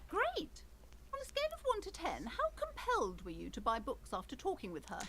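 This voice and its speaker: Casting: proud bookshop owner, prim and pushy, high sing-song voice swooping widely. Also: female voice, huge pitch swings, fairly quick, noisy background, heavily acted. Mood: gushing. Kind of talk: game voice acting.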